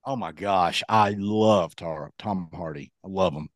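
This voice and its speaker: A man co-hosting a casual podcast chat, rambling and animated, slipping into quick impressions. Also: deep voice, no echo, clean studio sound. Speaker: podcast co-host.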